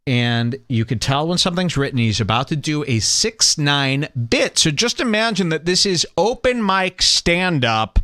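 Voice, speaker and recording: A man with a bright, lively voice riffs sarcastically as a podcast host. His delivery bounces up and down as he scoffs at the clips he plays, and the sound is close and dry. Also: on the high side, normal speed, few pauses, dry recording. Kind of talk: mocking commentary.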